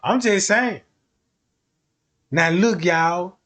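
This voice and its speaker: A man streaming a comedic rant, telling profane, animated stories and acting out the scenes. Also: high-pitched, extremely slow. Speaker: streamer commentator.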